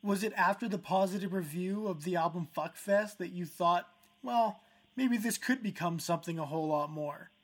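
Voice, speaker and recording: A man's voice: sits high, normal speed. A man hosting a podcast who asks plain, direct interview questions. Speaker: podcast host.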